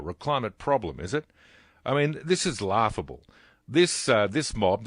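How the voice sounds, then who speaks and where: An Australian man hosting talk radio, blunt and indignant in his commentary. His voice sits at a middle pitch, recorded close and dry in the studio with no room sound. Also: a bit bright, dry recording.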